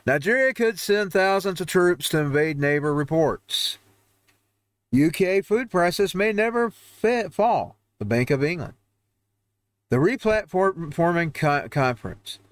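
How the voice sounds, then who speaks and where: Man, fairly high voice, heated rambling commentary, dry close sound. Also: expressive, unhurried, no echo. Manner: heated, rambling, restarts often. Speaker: host. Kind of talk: ranting commentary over headlines. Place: home newsroom studio.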